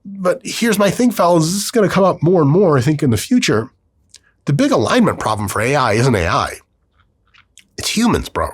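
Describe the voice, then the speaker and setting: A man hosting a podcast, talking casually on his own, profane and animated, acting out quick voices as he goes. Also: fairly high pitch, breathy edge, no room sound, studio quality. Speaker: podcast host. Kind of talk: casual solo monologue.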